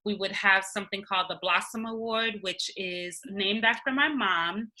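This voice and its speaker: A woman speaking as the guest in an interview, talking earnestly and personally about her own experience with frequent pauses and ums. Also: medium pitch, pushed and bright, poor audio. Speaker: interview guest, nonprofit founder. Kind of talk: candid conversational interview.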